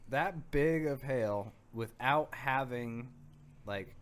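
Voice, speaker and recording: Male podcast co-host, middle pitch, rambling casual storyteller who often trails off. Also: takes it slowly. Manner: rambling, full of fillers and restarts. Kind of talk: casual chat.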